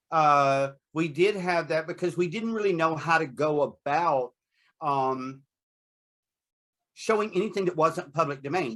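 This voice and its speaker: A man's voice: fairly high pitch, pushed and bright. Chatty laughing man guest. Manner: laughs often, chatty and candid. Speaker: guest, horror host performer. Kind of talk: casual interview.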